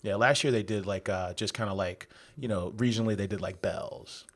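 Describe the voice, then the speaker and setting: A man's voice: lowish voice, brisk, fairly bright tone. A man co-hosting a casual beer podcast, rambling and upbeat, talking in loose restarts. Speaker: podcast co-host. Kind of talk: casual chat.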